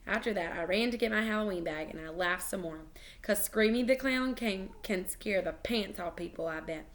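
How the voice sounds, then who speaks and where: A woman reads a children's chapter book aloud with a bright, clear voice. She tells it expressively and keeps going through small slips and restarts. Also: medium pitch, moderate pace. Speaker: reader.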